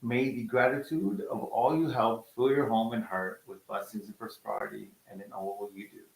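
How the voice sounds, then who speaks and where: A man's voice: medium pitch, steady tone, moderate pace. A man co-hosting a live question-and-answer stream, reading viewer questions and comments aloud in a casual way. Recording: roomy, echoey sound.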